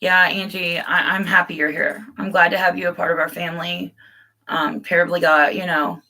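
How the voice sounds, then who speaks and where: Woman, middle-aged, livestream host, casual rambling chat, bright tense tone, lowish pitch. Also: little pitch movement, normal speed, rough recording. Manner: open, rambling, addresses viewers as guys. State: tearful at times. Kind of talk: casual live chat with viewers.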